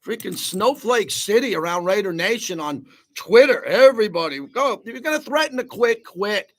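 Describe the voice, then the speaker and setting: A man's voice: high-pitched, expressive, normal speed. A man hosting a sports talk radio show, ranting bluntly and with heat.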